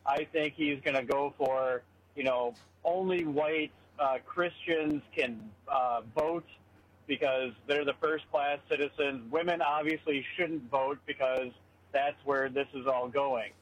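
A man's voice: medium pitch, steady tone, a little slow, rough recording. A man calling in to a talk radio show, ranting in an opinionated, rambling way. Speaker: caller. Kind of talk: phoned-in political rant.

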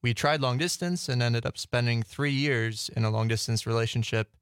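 Smooth-voiced young man, easygoing. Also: medium pitch, normal speed, dry recording, studio quality. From Green Bay, Wisconsin. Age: young adult. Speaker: musician, guest. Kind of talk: casual radio interview. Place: radio studio.

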